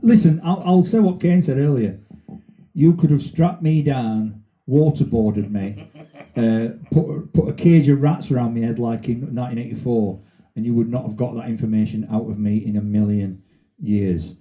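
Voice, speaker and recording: A man's voice: medium pitch, normal speed, muffled recording. A man with a Sheffield accent hosting a casual podcast, telling rambling, sweary stories. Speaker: podcast host. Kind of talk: casual banter.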